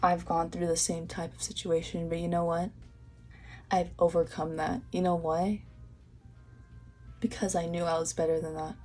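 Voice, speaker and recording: A woman's voice: fairly low pitch, flat delivery, moderate pace, long pauses, darkish tone, faint music behind. A young woman giving a pick-a-card tarot reading, talking straight to the viewer in an earnest, encouraging way, repeating herself and restarting her sentences. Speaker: tarot reader.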